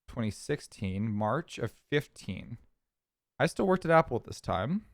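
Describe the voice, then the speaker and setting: A man's voice: medium pitch, sing-song, a little slow, dry recording, studio quality. A man from California streaming, telling a story in a casual, rambling, chatty way. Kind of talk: casual chat.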